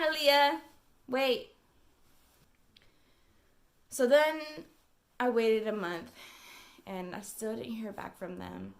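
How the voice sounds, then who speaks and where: Young woman, slightly raised pitch, emotional casual venting, swears freely. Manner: emotional, chatty, with fillers and swearing. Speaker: vlogger.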